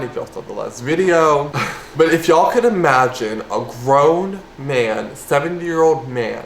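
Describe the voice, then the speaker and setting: Young male vlogger, animated storyteller, in an echoey room with faint background hum. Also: mid-range voice. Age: young adult. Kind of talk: storytime vlog.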